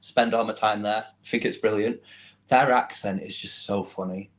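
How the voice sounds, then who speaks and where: A man's voice: fairly low pitch, steady tone, normal speed. A man with a Mancunian accent chatting as a podcast guest, giggly and self-deprecating, laughing often. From Manchester, England. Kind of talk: casual chat.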